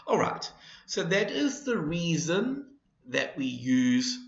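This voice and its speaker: A man with a gravelly voice teaches a grammar lesson at an unhurried pace, stressing each example. His pitch rises and falls a lot as he explains. The recording sounds dull and roomy. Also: big pitch swings. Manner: slow, deliberate explanation with repeated examples. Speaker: English teacher.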